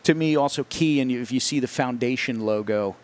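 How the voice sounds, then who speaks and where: A man's voice: medium pitch, brisk. Man explaining at an easy pace. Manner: explains steadily, repeats words as he thinks. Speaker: guest, cigar company founder. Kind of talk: casual interview. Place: studio.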